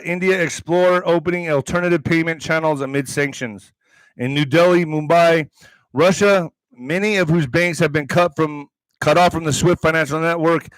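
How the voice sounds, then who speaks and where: A man's voice: on the high side, dry recording. A man hosting a political commentary stream, reading headlines aloud and breaking into heated, profane, sarcastic asides. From Mexican heritage.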